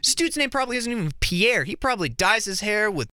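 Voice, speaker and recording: Lively young man telling a story. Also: high voice, fast talker, heavy background noise. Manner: animated, crude, swears freely. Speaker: podcast guest. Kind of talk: casual storytelling. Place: college radio studio.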